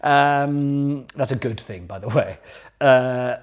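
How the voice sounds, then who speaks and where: A man's voice: mid-range voice, slow. A man hosting a casual online pub quiz. He talks in a chatty, jokey way, repeats each question and reads out comments from viewers. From Britain.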